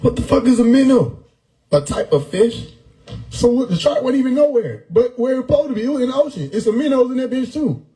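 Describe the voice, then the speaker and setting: Animated, laughing livestream man. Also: extremely high pitch, brisk, low-quality recording. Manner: loud, laughing, profane, animated riffing on chat comments. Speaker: livestream host reading chat. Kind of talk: casual livestream chat. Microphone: phone or desktop mic on a live stream.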